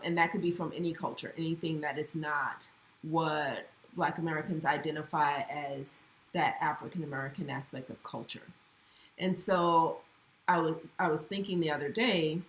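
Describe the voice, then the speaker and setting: A woman co-hosting a podcast, speaking in a thoughtful, measured, reflective way. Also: low voice. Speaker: co-host. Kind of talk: casual podcast conversation. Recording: echoey room.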